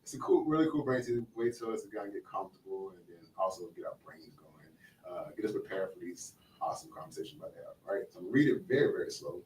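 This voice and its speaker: A man's voice: sits low, expressive, fast talker, darkish tone. A man hosting a podcast in casual chat, slangy and checking in with "right?" as he talks. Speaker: podcast host. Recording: echoey room, mic at a distance, faint noise.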